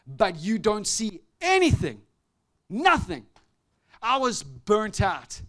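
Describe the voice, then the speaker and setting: A man preaching and telling a personal testimony, shifting between loud outbursts and hushed, intimate tones. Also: high voice, huge pitch swings, takes it slowly. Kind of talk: sermon testimony.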